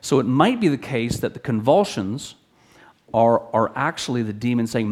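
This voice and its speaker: A man teaches through an expository sermon with earnest intent, speaking at normal speed with big swings in pitch. He often begins phrases again, and he rises higher when reading scripture aloud.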